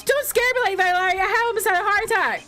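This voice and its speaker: A woman voicing a bossy, excitable young female sidekick in a high, pushy voice. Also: fast, faint music behind. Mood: alarmed.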